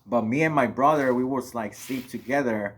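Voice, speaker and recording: A man's voice: mid-range voice, normal speed, slight background noise. A young man from Mexico casually telling a personal story on his vlog, rambling and full of filler words. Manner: rambling, heavy on "you know" and "like" fillers. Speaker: vlogger.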